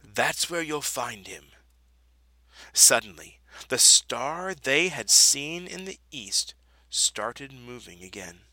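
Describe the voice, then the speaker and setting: Slow, bright-voiced man reading a storybook. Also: medium pitch, no echo, rough recording. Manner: expressive, dramatic storybook delivery. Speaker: storybook reader. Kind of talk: reading a children's Bible story aloud.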